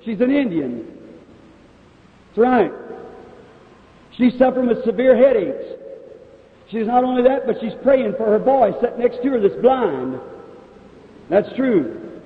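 A man's voice: very high-pitched, big pitch swings, a little slow, pauses often. A male preacher at a revival healing service, speaking directly to people in the audience and calling out their ailments. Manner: addresses audience members directly, calls out ailments. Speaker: evangelist preacher. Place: large meeting hall. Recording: echoey hall on a tinny old 1950s tape.

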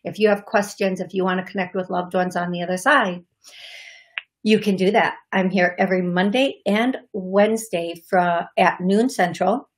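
A woman's voice: mid-range voice, steady tone, moderate pace. A woman hosting a live call-in show as a psychic medium, chatting casually and greeting viewers by name in short bursts full of fillers and restarts.

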